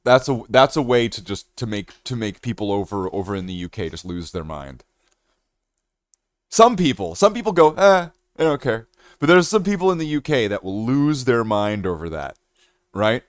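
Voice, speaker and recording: A man's voice: on the low side, lively intonation, normal speed, no room sound, studio quality. A man from Canada hosting a casual livestream, rambling and joking with chat while he paints miniatures. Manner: rambling, jokey, talks to chat. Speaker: streamer.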